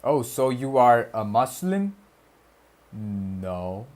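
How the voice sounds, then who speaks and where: A man streams himself studying and speaks in a put-on Arabic-style accent. He talks slowly and loosely, throwing in slang and the odd curse as he answers chat. His words often trip and restart. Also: mid-range voice, sing-song, darkish tone. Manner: slangy and loose, reads chat aloud, swears, stumbles over words. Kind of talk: casual study livestream, chatting with viewers.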